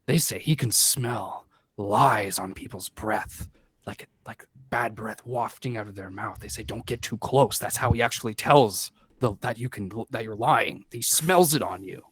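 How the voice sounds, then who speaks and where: Man doing gossipy young fighters, low voice, dry close sound, tabletop game. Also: a little slow, fairly bright tone, breathy edge, no echo. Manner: chatty, rumor-spreading quotes.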